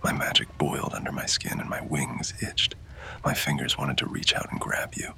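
A man narrating in first person as a winged fae lover, in a whispered role-play with close, intimate, breathy delivery. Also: a bass voice, fairly even intonation, normal speed, pushed and bright.

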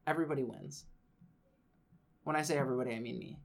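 A man's voice: mid-range voice, fast, vocal fry, slight background noise. A man co-hosting a casual chat, telling stories with wry, profane humor. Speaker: podcast co-host.

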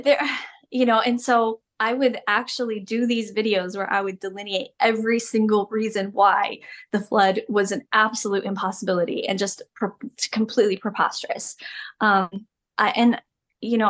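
A woman's voice: medium pitch, steady tone, normal speed. A middle-aged woman, a podcast guest, telling her personal story in a candid, emphatic way and laughing often.

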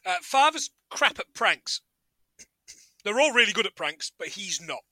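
Male podcast co-host, high and animated, sharp bright tone, casual and profane. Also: a little slow, no echo. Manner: animated, laughing, swearing, retells scenes. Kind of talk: casual chat recapping a TV show.

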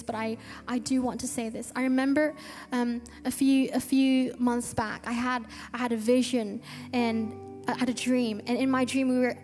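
High-pitched woman preaching, earnest n animated, lots of restarts, echoey church with soft music. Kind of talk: sermon. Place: church hall. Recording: long reverb with faint music.

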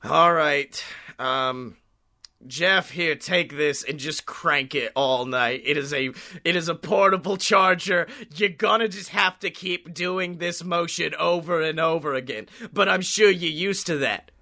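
Rambling comedy podcaster, bright and cutting tone, swears constantly. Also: medium pitch, a little slow. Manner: rambling, profane, excitable. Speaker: podcast host and storyteller. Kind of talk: improvised comedy storytelling.

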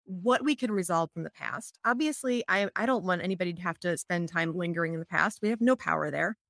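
A woman's voice: lowish voice, quick pace, creaky, a bit bright, dry recording, clean studio sound. A middle-aged woman, an EFT practitioner, chatting casually and telling stories with lots of "like" fillers. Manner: chatty, many "like" fillers, storytelling. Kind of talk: casual explanatory chat.

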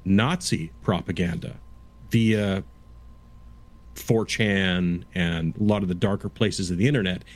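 A man in his fifties chatting casually, explaining at length in a halting way with frequent restarts. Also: sits low. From Canada. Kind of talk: casual chat.

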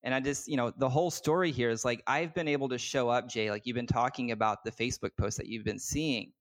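Talking fast at a medium pitch, a guest business coach opens up with a personal story in conversation. He's earnest and heartfelt, and his candid telling is riddled with fillers and restarts.

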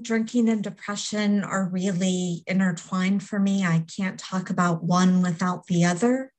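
Woman coach guesting on a podcast, candid and reflective, middle pitch. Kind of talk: podcast interview.

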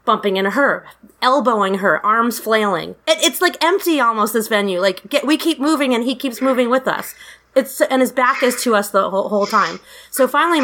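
Middle-aged woman spinning a rowdy story, swears a lot, bright voice, laughs along. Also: medium pitch. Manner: animated, profane, laughing storyteller. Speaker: guest storyteller. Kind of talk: casual anecdote telling.

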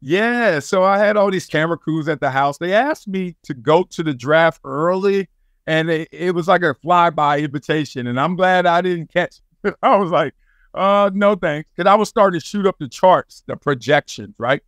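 A high-pitched man with a Southern California accent tells stories in a relaxed, animated way, laughing often and slipping into the voices of the people he quotes. He is a former football player looking back on his career. The sound is close and dry, with no room in it. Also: moderate pace, dry recording. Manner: animated, laughing storyteller who acts out quotes. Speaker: podcast guest, former NFL player and sports broadcaster. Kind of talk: casual storytelling interview.

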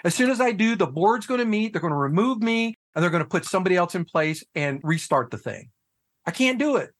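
A man talking casually on a podcast, telling a personal story with lots of swearing and sudden jumps into shouted disbelief. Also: sits high, lively intonation, brisk. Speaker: guest, head of a fathers' nonprofit.

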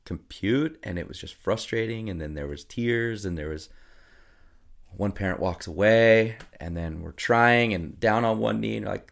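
A man in his thirties, a podcast guest, telling family stories in a casual, animated way and acting out his kids' voices. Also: lowish voice, a little slow, creaky. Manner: animated storyteller who acts out his kids. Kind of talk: casual storytelling.

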